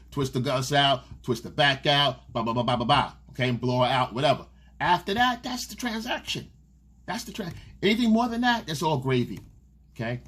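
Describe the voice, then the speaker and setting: A man's voice: a little high, fairly bright tone, husky. A man giving casual dating advice in a monologue. He is blunt and profane and keeps asking "okay?". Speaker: dating coach.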